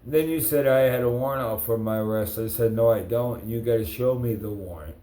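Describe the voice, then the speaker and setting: A man's voice: medium pitch, brisk, mellow. A man delivering an angry, profane personal rant, speaking straight to the people he accuses. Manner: profane, confrontational, addresses people directly. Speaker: vlogger ranting to camera. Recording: echoey room.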